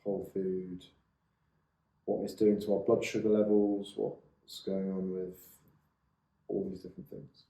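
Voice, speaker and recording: A man's voice: sits low, level tone, unhurried, gravelly, long pauses, dark tone. A man, co-hosting a podcast in a chatty, teasing, rambling way. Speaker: podcast co-host. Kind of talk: casual chat. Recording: echoey room.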